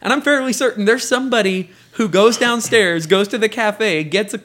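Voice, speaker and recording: Young man, high bright voice, profane animated storyteller, casual podcast chat in an apartment. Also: moderate pace. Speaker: podcast host.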